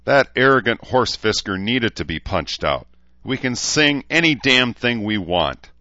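Hot-tempered young soldier, as a man puts him on, loud and furious, dry booth. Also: medium pitch, expressive, unhurried, dry recording, lo-fi sound, voice pushed up. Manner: shouting, furious.

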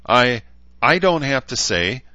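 A man's voice: medium pitch, sing-song, takes it slowly, pushed and bright, dry recording, lo-fi sound, pitched above the performer's own voice, heavily acted. A man voicing a sulky, defiant teenage girl who talks back hotly.

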